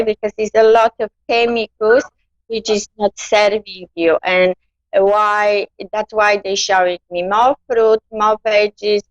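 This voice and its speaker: A woman giving a gentle live-stream psychic reading, calling her listener darling. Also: mid-range voice, no echo. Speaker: psychic card reader. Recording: dull lo-fi dry sound.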